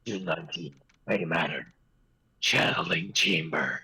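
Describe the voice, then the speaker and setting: A man's voice: very deep voice, measured pace, sharp tone, husky, rough recording. Hesitant man reading game lines. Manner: hesitant, self-conscious about doing voices. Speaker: game streamer. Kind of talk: casual game playthrough, reading dialogue aloud.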